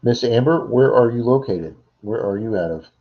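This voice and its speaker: A man's voice: medium pitch, animated, moderate pace, muffled recording. A middle-aged man hosting a casual livestream from home, rambling and answering viewers' chat messages. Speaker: livestream host.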